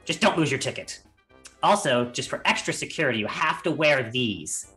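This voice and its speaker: A man's voice: mid-range voice, animated, moderate pace, sharp tone, soft background music. A man voicing a small gray-haired gnome ticket clerk in a tabletop game, offhand and a bit nervous, rattling off the rules.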